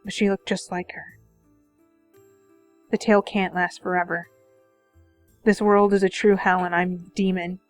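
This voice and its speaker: A woman reading a visual novel's first-person narration aloud at a steady, even pace. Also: fairly low pitch, measured pace, pauses often, soft background music.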